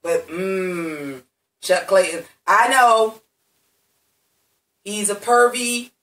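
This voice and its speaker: A man with a bright, sharp-edged voice tears through a TV episode recap, cursing freely and speaking straight to his audience. He sits back from the mic, and the room around him rings with echo. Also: high-pitched, steady tone, drawn-out words, recorded from a distance. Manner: blunt and heavily cursing, talks straight to viewers. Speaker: TV recap reviewer. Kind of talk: profane, sassy episode recap.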